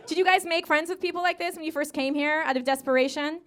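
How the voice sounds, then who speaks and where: A woman's voice: sits high, fairly bright tone. An American woman in her thirties doing a stand-up comedy set, with sassy asides and gushing put-on voices for the people she quotes. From United States. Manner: sassy, rapid asides with frequent okays. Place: comedy club stage with a live audience.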